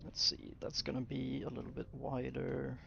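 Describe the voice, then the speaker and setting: A young game streamer talks slowly and half to himself as he works, with a heavily gravelly, fry-laden voice. He chats casually with his viewers between tasks. The audio is dull and lo-fi, with faint music under it. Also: mid-range voice, monotone. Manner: muttering to himself while building, chatting to viewers. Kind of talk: casual gameplay commentary to chat.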